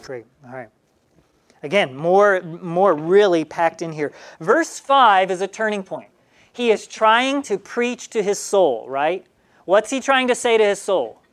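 A woman's voice: mid-range voice, measured pace. A woman leading a group Bible study, asking questions and acting out the psalmist's words. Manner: animated, asks questions and acts out the psalmist.

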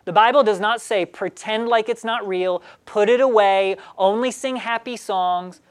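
A woman's voice: medium pitch, measured pace, clear, resonant tone. A woman leading a group Bible study, asking questions and acting out the psalmist's words. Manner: animated, asks questions and acts out the psalmist.

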